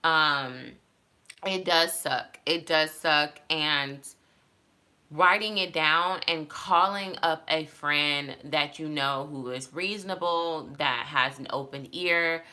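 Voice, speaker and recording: Low, bright-voiced woman vlogger. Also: takes it slowly, clear, resonant tone. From Texas. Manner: candid, rambling, many fillers. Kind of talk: casual advice talk to camera. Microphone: phone.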